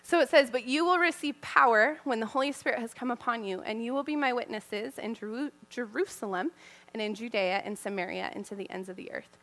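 Bright-voiced earnest woman preaching. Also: fairly high pitch, brisk. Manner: earnest and personal, laughs often. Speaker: speaker to mothers. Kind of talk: conversational sermon.

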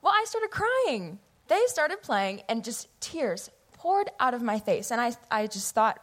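A young woman in her late teens from the US Pacific Northwest, giving an earnest, animated personal testimony into a church microphone. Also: fairly high pitch, a little slow, few pauses. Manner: earnest, animated, acts out her past self in quotes. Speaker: youth member giving testimony. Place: church sanctuary. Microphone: microphone at a pulpit or stage.

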